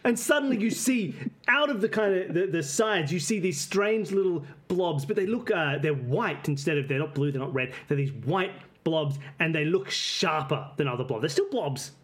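Male game master with a rambling, halting narration style. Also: a little high, animated.

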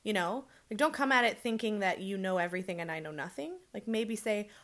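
A woman's voice: mid-range voice, fairly quick. Blunt, sweary woman podcast host. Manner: blunt, sweary, animated storytelling. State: pregnant. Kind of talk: casual chat.

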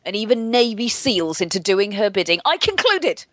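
A woman's voice: mid-range voice, very animated, moderate pace, fairly bright tone, no room sound. A woman voicing a stiff, resentful anti-feminist reviewer who rants. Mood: ranting. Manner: rigid, ranting.

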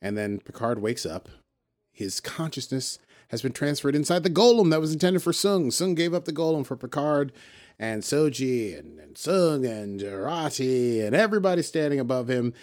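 A man in a mid-range voice tells a story in a loose, chatty way, with plenty of "uh"s and "he's like" asides. He slips into quick voices for the characters and then drops back into his easygoing narration. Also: mid-range voice. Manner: animated storytelling, acting out characters' lines. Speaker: podcast host recapping a TV episode. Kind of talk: casual recap chat.

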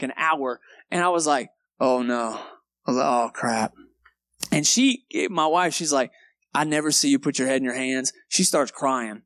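A man's voice: sits high, no echo. A young adult male pastor with a Texan accent, telling a story in his sermon and acting out the moments with energy. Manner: animated storyteller, acts out moments, laughs at himself. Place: church sanctuary.

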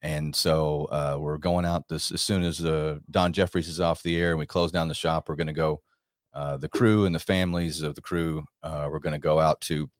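Male radio host, very low voice, dry close sound, emphatic and rambling. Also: flat delivery, moderate pace, no room sound. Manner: emphatic, rambling, with frequent restarts. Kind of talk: monologue commentary.

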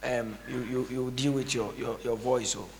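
A man's voice: mid-range voice, fairly even intonation, moderate pace, darkish tone, slight background noise. A male pastor, preaching with a tired voice and breaking into tongues and chanted repeated phrases. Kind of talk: preaching to a gathering.

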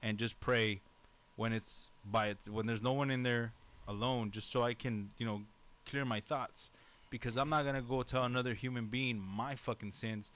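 A man co-hosting a radio talk show, ranting bluntly with heavy profanity. His voice sits at an ordinary middle pitch. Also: fairly even intonation, moderate pace, few pauses, fairly bright tone. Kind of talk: casual chat.

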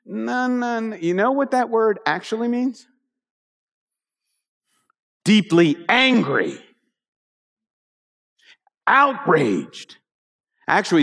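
Male pastor, fairly high, very expressive delivery; chatty sermon storytelling; long hall echo. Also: vocal fry. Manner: animated storytelling with asides to the congregation. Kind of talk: conversational sermon.

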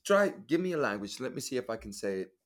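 A man co-hosting a podcast in playful casual chat, joking around and trading quick greetings in several languages. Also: mid-range voice, big pitch swings. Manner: jokey, trades rapid greetings in many languages. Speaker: podcast co-host.

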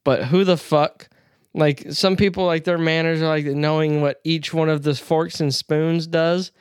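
A man's voice: fairly high pitch, fairly even intonation, a little slow, clean tone, no room sound, clean studio sound. A man co-hosting a casual podcast chat, joking and swearing with frequent laughter. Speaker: podcast co-host.

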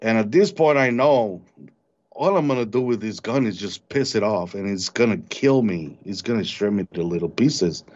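A man recounting a frightening encounter in an interview, halting and repeating words as he tells it. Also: lowish voice, darkish tone. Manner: halting, repeats words when shaken, mimics animal sounds. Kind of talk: storytelling in an interview. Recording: dull lo-fi recording.

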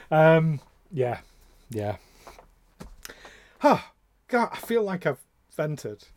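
A man's voice: on the high side, very animated, very slow, long pauses, darkish tone. A man co-hosting a podcast in casual chat, rambling and getting heated, with the odd swear. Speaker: podcast co-host.

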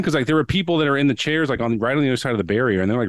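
A man's voice: medium pitch, expressive, very fast, hardly any pauses, no echo. A man telling a long story as a podcast guest, rambling, with many restarts and acted-out quotes. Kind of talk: casual storytelling.

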